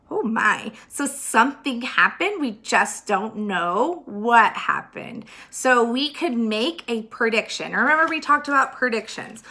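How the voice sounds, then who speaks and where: A woman's voice: on the high side, sharp tone. A woman teacher reading a chapter book aloud on camera for her students, then explaining the next steps in a friendly, encouraging way. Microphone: handheld camera.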